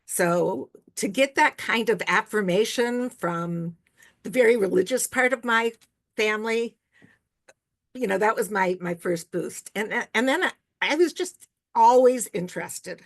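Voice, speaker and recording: An older woman from Canada answers audience questions as a rabbi, reflective and relaxed, with frequent small chuckles. Her voice has a gravelly grain and she takes her time, letting pauses settle between thoughts. The sound is close and dry, as on a video call. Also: mid-range voice, no echo. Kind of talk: casual Q&A talk.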